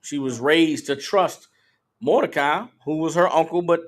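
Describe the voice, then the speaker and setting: High-voiced emphatic preacher-teacher. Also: male voice, measured pace. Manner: emphatic, profane, questioning. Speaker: Bible teacher. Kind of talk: call-and-response scripture teaching.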